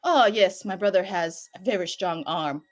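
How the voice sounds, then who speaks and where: A woman voicing a calm, reassuring older king in her own voice. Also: fairly low pitch, normal speed, faint music behind, voice pushed down, lightly acted.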